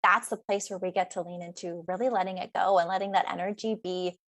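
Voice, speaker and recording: A woman's voice: lowish voice, steady tone, quick pace, fairly bright tone. A young adult woman, a guest coach on a podcast, telling her story in an earnest, flowing way. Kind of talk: podcast interview.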